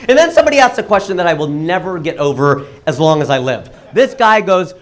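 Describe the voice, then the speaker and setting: A man performing a stand-up comedy set on stage, telling stories with sudden jumps in pitch and loudness. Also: fairly quick, few pauses. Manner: animated storytelling with sudden jumps in pitch and volume. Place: comedy club stage with live audience.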